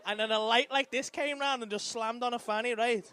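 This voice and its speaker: Comic man ranting fast and sweary on stage, pitched up high. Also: slight background noise. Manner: rapid, profane, animated storytelling. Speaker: stand-up comedian. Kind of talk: stand-up comedy set. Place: comedy club stage. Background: audience laughter.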